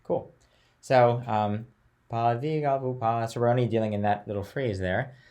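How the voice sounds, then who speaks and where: In a relaxed, talkative chant class, a young man alternates between speaking and singing note names and phrases. His voice is mid-range and his pace normal.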